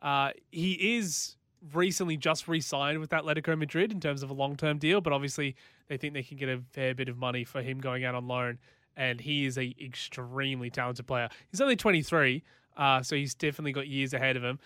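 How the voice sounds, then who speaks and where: A man's voice: medium pitch, fairly even intonation, fairly quick, bright, forceful tone, clear, resonant tone, dry recording, studio quality. A man giving sports news on a radio show, informed and passionate about football.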